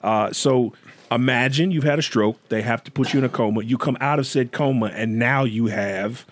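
A man hosting a casual podcast chat, telling stories in an animated way and joking around. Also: medium pitch, normal speed, no echo. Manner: animated storyteller, jokes with put-on accents. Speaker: podcast host.

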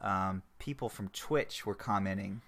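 A middle-aged man co-hosting a casual podcast, ranting in an animated, exasperated way with plenty of profanity. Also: on the low side, a little slow, crowd noise. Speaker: podcast co-host. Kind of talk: casual chat.

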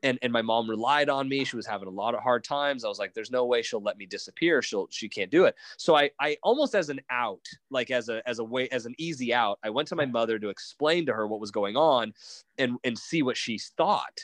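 A man's voice: mid-range voice, brisk, dry recording. A man telling a personal story in a casual interview, acting out bits of dialogue and restarting sentences often. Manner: animated, quotes dialogue, frequent restarts. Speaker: interview guest.

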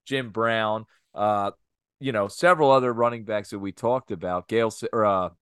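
A man's voice: lowish voice, normal speed, fairly bright tone, smooth, no room sound, studio quality. A man co-hosting a casual podcast, telling a heated story with lots of swearing. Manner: heated, profane anecdote telling. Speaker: podcast co-host.

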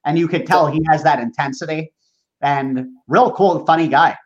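A man's voice: on the high side, normal speed, muffled recording. A man hosting a podcast, upbeat and hyping up his guest in casual chat. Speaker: podcast host.

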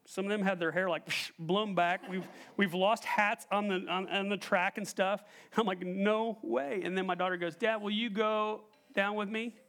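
A man gives a sermon in a church hall, his voice sitting high for a man. He tells a personal story with animated energy and keeps turning to the congregation with questions. He speaks into a stage microphone. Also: moderate pace. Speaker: pastor.

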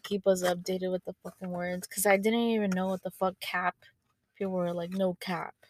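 A woman's voice: lowish voice, normal speed, a little hiss or hum. Young woman swearing through casual stories. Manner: swears a lot, animated storytelling. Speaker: podcast host. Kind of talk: casual chat.

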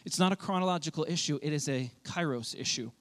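A man, a pastor, preaching a sermon in a loose, conversational way, acting out quick quoted asides. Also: on the high side, fairly bright tone.

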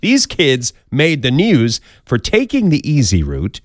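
A man's voice: medium pitch, wildly swooping pitch, measured pace, no echo, clean studio sound. A man hosting a podcast, counting down odd news stories in a casual, jokey way with playful asides. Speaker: podcast host.

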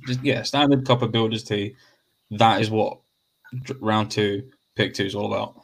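A man's voice: on the low side, fairly even intonation, normal speed, gravelly. Sweary man in podcast banter. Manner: sweary, rambling, mock-serious.

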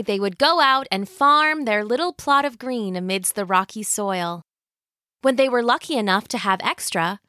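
Woman storyteller, slow animated reading, bright tone, dry close mic. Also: mid-range voice, no room sound. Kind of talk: scripted storybook narration.

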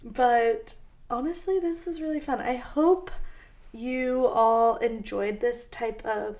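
A woman's voice: fairly high pitch, takes it slowly, darkish tone. A young woman co-hosting a podcast, chatting casually in a bubbly, teasing way and laughing often. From Armenian heritage. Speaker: podcast co-host. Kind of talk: casual chat.

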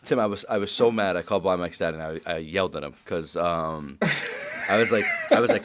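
A man's voice: deep voice, steady tone, fast, fairly bright tone. A man co-hosting a casual podcast chat, rambling with lots of filler words and swearing. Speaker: podcast co-host.

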